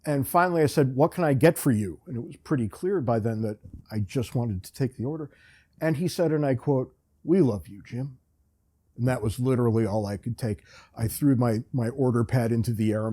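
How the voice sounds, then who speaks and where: A man with a mellow, darker voice and a husky edge, spinning a casual, rambling yarn as a podcast host. His delivery is wry and self-deprecating, full of dry asides. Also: medium pitch. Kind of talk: casual storytelling monologue.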